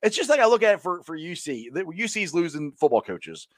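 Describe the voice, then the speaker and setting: Lively man hosting a sports talk show. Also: a little high, fast, no echo, studio quality. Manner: animated, reads viewer comments aloud. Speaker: show host. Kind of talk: casual sports talk with live comments.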